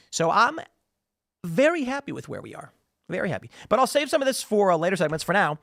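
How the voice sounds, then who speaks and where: A man's voice: high-pitched, no echo, clean studio sound. A man hosting a political commentary show, talking in a sarcastic, opinionated way and acting out the voices of the people he quotes. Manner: animated, acts out quoted voices. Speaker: show host.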